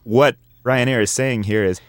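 A man who writes an airline blog, speaking as a radio guest in a knowledgeable, wry way and often trailing off softly. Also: mid-range voice, steady tone, normal speed, no echo, studio quality. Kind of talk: casual radio interview.

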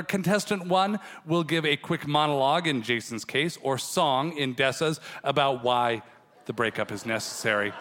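A man hosting a live improv game show, brisk, dry and teasing. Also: on the high side, fairly bright tone. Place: theater stage before an audience. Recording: live stage with long reverb, crowd and noise.

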